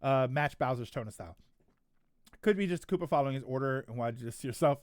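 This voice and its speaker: A man streams live, chatting casually and reacting to a trailer in a medium-pitched voice that's a little fast. He rambles, restarts often, and laughs a lot, with no room sound.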